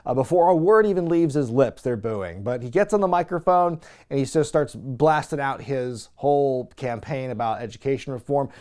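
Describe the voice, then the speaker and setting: Chatty man with a smooth voice. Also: medium pitch, animated, moderate pace, few pauses, dark tone. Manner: wry, chatty, laughing at the show. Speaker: host of a wrestling recap show. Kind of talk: casual recap commentary.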